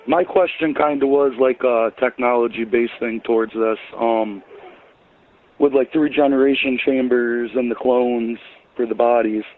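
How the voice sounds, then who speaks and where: A man calling in to a radio show, asking a question in a hesitant, halting way. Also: medium pitch, steady tone. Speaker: caller. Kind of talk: call-in question. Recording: tinny phone line.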